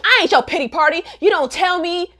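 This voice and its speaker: A woman's voice: very high-pitched, fairly quick, pushed and bright, pitched above the performer's own voice. A woman voicing a shy, defensive teenage girl who talks in casual slang.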